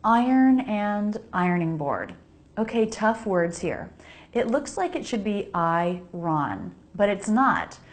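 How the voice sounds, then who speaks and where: A woman with an American accent teaching pronunciation, modeling each sound slowly and repeating words for the listener to copy. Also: medium pitch, expressive. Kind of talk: slow pronunciation lesson.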